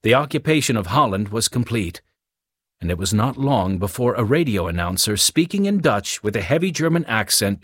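Expressive male audiobook narrator. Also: fairly low pitch, moderate pace, dry recording, clean studio sound.

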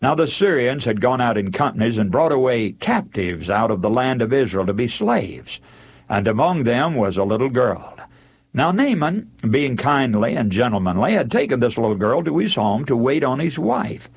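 A man preaching a sermon, retelling a Bible story with animated storytelling and acting out the characters' lines. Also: mid-range voice, moderate pace, gravelly, husky.

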